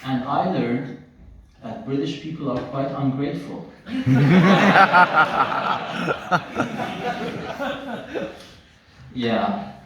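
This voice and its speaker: Italian-born male stand-up with American accent, deadpan, slow, roomy club sound heard from far back. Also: medium pitch, background noise. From Italy. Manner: deadpan with halting restarts. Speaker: stand-up comedian. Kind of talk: stand-up comedy set. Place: comedy club stage. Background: audience laughter.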